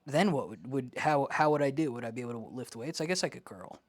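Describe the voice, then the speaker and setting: Young male vlogger, mid pitch, rambling and self-deprecating, dry close sound, home office. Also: animated, quick pace, no echo. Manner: self-mocking, rambling, jumps between loud and mumbled asides. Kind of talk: rambling casual vlog talk to camera. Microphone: camera he holds and turns.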